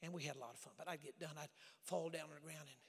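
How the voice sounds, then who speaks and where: Preaching in a church sanctuary full of long hall reverb, an evangelist from Oklahoma tells stories with dramatic flair and drops to a whisper to drive points home. His voice is slightly high, bright, husky and creaky, and he talks at a racing speed.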